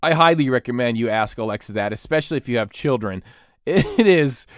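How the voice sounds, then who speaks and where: Male podcast host, 30s, comic rant, lively pitch swings, dry close sound. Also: fairly quick, no echo. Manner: animated, self-mocking, sarcastic. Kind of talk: comedic rant.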